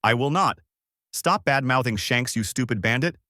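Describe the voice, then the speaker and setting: A man voicing a brash, hotheaded young boy who yells back defiantly in a fan-made story reading. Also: mid-range voice, big pitch swings, fairly quick, dry recording, clean studio sound. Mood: defiant yelling. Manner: yelling, defiant.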